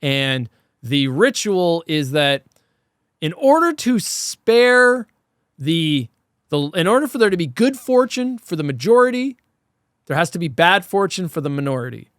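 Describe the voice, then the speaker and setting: A man co-hosting a casual podcast chat reviewing horror films, animated and profane, often laughing as he talks. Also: on the high side, unhurried, dry recording, clean studio sound. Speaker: podcast co-host.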